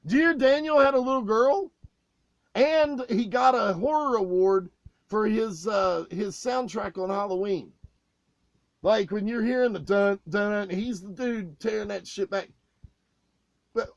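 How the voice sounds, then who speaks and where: Loud, high-voiced man swearing through stories. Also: dry recording. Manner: loud, swearing, animated retelling with raised outbursts. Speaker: podcast co-host telling stories. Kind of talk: casual profane storytelling.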